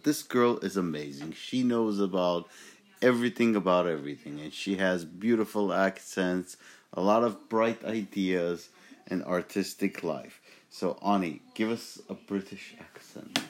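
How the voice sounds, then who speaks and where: A man's voice: low voice, lively intonation, unhurried. A young man hosting a casual home podcast, rambling with fillers and restarts. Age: young adult. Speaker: podcast host.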